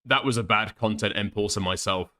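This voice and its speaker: A man's voice: lowish voice, a little fast, bright, forceful tone. A man hosting a casual reaction stream, rambling with profane, laughing asides. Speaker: streamer host.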